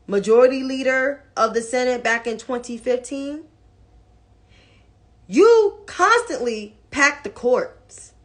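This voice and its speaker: Blunt, slow-talking woman commentator. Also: on the high side, animated, fairly bright tone. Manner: blunt and profane, mocking. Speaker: political commentator. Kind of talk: casual political commentary.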